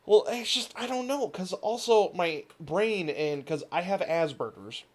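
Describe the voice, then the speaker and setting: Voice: mid-range voice, lively intonation, unhurried. A gaming channel host ranting casually over gameplay, rambling and swearing freely, with frequent laughs.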